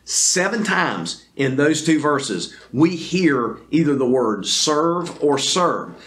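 A man's fairly high voice preaches a sermon to a video audience. He speaks earnestly and deliberately as a pastor, often stopping to restart his phrases with fillers. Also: sing-song, a bit bright. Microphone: camera recording.

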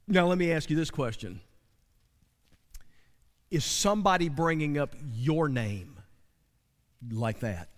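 A man preaching a sermon, animated and full of call-and-response asides to the congregation. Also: fairly high pitch. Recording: long hall reverb.

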